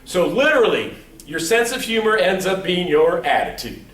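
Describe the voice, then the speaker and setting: A middle-aged man with a fairly high voice gives a joking motivational talk to a crowd. He is picked up from far off in a big echoey hall, with faint room ambience behind him. His storytelling is playful and full of acted-out quotes. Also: very animated, moderate pace, a bit bright. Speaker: motivational speaker. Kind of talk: humorous keynote speech. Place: large hall before a live audience.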